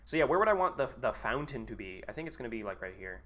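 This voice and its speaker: A man with a medium-pitched, very animated, slightly bright voice talks at a quick pace while streaming a game live. In casual gameplay commentary he swears often, jokes and banters with his chat, mocks himself and mutters as he builds.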